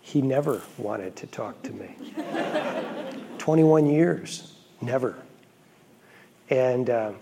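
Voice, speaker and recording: A Catholic priest, a middle-aged man, telling a personal story in a homily in an earnest, reflective way with quiet asides. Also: a little high, breathy edge.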